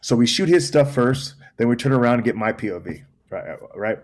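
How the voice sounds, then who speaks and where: Animated storytelling man from Texas. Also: mid-range voice, fairly quick. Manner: animated storyteller who acts out other people's lines and repeats phrases for emphasis. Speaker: podcast guest, actor. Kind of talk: casual storytelling chat.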